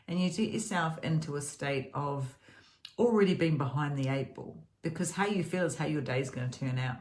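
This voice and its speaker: A woman's voice: sits low, moderate pace. A woman giving a casual, rambling self-help talk about gratitude, earnest and prone to repeating herself.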